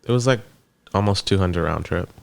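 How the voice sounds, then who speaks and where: Deep gravelly man with dry remarks. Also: fairly quick. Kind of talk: casual chat.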